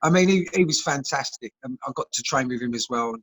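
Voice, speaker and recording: A man's voice: mid-range voice, brisk, a bit bright, husky, poor audio. Guy in his 40s on a video call, chatty, laughs a lot, plain middle voice. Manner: chatty storyteller, laughs often. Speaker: guest, former footballer. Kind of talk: casual chat.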